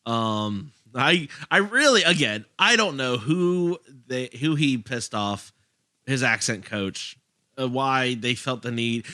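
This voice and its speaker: A young man from Louisiana chats about movies on a podcast, rambling and laughing as he goes. His voice swings widely in pitch and sounds bright and forward. The recording is dry and close. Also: slow pace, no room sound. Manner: animated, rambling, laughs often. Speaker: podcast co-host. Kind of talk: casual chat.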